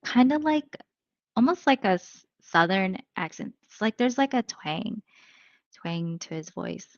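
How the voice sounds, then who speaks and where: A woman's voice: medium pitch, animated, unhurried, vocal fry, dry recording. Woman medium on dull, dry livestream audio. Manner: chatty, thinks aloud with many fillers. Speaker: psychic medium. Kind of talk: live reading.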